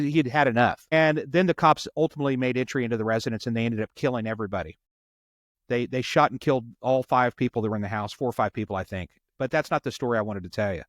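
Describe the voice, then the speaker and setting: A man with an ordinary middle-pitched voice earnestly tells a long story, repeating and doubling back on his words. He sounds like a police officer chatting on a podcast, and the recording is dry and close with no room around it.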